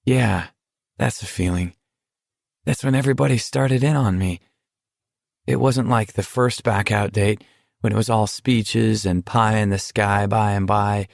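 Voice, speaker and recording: A man voicing an earnest teenage boy in a deadly walking contest, speaking in a confiding, rambling, quietly hurt way. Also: lowish voice, steady tone, measured pace, gravelly, no room sound, studio quality.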